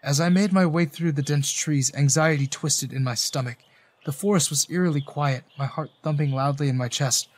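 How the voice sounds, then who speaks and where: A man's voice: a little high, normal speed. A man narrating a romance story in the first person, earnest and dramatic.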